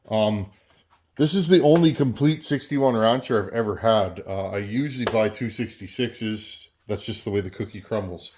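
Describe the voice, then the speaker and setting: A man's voice: mid-range voice, a little mellow, slight background noise. Chatty man rambling in his workshop. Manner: chatty and rambling, talks while working with tools. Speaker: chainsaw channel host. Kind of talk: casual workshop vlog.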